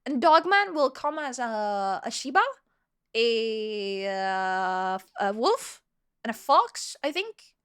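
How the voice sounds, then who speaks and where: A woman's voice: fairly high pitch, very animated, takes it slowly, a bit bright, clear, resonant tone. A woman live streamer chatting casually with her viewers and telling a rambling story, laughing often.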